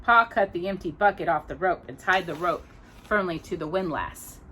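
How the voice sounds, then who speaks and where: A woman hosting a storytime, reading a children's novel aloud in a gentle, expressive way. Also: on the low side, slight background noise. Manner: gentle and expressive, pausing for coughs. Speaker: storytime host.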